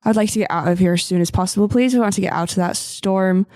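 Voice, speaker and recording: A woman's voice: mid-range voice, fast, a little mellow, no room sound, studio quality, natural voice. A woman voicing a brash, stubborn young sailor who teases and argues back. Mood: defiant. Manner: cocky, teasing, defiant.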